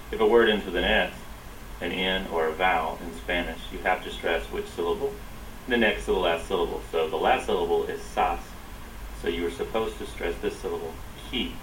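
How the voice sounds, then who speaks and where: A man teaching a Spanish lesson, explaining a rule and then repeating words slowly for practice. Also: deep voice, fairly bright tone, slight background noise, rough recording. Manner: slow, drilling repetition of words. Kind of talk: classroom lesson.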